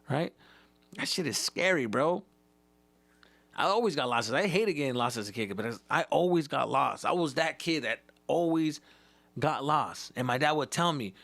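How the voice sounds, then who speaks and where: A man, a comedian hosting his own podcast, tells profane, animated stories from his childhood and acts out the scenes as he goes. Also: mid-range voice, moderate pace, creaky, no room sound. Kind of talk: profane comedic storytelling monologue.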